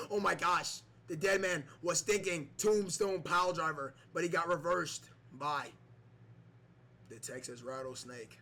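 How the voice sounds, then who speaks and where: Man, wrestling game commentator, excited play-by-play, repetitive, high bright voice. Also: measured pace, a little hiss or hum. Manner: excited, repetitive, yells at big moves.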